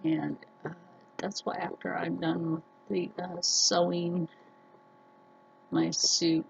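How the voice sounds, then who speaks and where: A woman vlogger talking earnestly to her viewers, telling personal stories slowly with many restarts. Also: on the low side, level tone, gravelly, dull audio, noisy background. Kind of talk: casual personal talk to camera.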